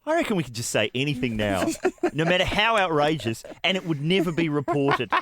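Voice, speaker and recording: Radio host, wry banter, lively ups and downs, tenor-ish. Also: male voice, a little high, a little hiss or hum. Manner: wry, chuckling, quick asides.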